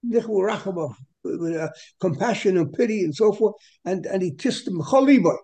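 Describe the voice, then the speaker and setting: A man's voice: high-pitched, expressive, normal speed, warm tone. Man teaching a Torah class. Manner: repetitive, digressive explaining with Hebrew terms.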